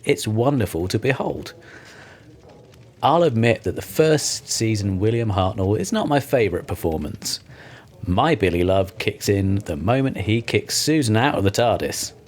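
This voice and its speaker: A low-voiced man co-hosting a casual podcast. He reads a listener's note aloud and teases his co-host with dry, wry humour. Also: animated, normal speed. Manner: wry, teasing. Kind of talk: casual chat, reading a listener message.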